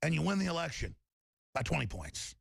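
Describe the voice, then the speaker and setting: A man's voice: a little high, very animated, fairly quick, vocal fry, breathy edge, no room sound. A man hosting a talk-radio show, delivering an emphatic, rambling monologue and often repeating himself.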